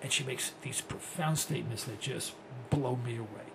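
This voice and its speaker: A man's voice: medium pitch, normal speed, creaky, background noise. A man in his sixties hosting a rambling, blunt talk radio monologue. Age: 60s. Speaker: host.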